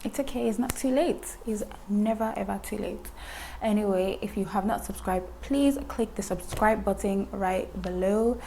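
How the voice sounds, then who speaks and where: Brief: young woman vlogger, chatty and emphatic, mid-pitched voice, faint hiss behind. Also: normal speed, vocal fry, warm tone. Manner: chatty, repeats words for emphasis, laughs at own jokes. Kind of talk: casual chat to camera.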